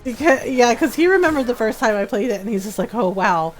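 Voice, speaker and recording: A woman game streamer in casual chat, animated, laughing often and swearing casually. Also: on the high side, fast, faint music behind.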